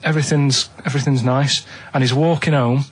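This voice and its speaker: A man telling a rambling riddle story on a radio show, halting and repeating himself, checking in with "right?". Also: medium pitch, steady tone, husky.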